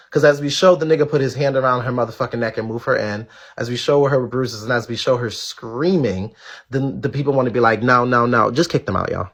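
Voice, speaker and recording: Husky guy on a live stream, blunt, swears a lot, keeps repeating himself to the chat. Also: mid-range voice, a bit bright. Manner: blunt and outspoken, swears freely; talks straight to his viewers, repeating himself for emphasis. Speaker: live-stream show host. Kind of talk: casual live-stream commentary.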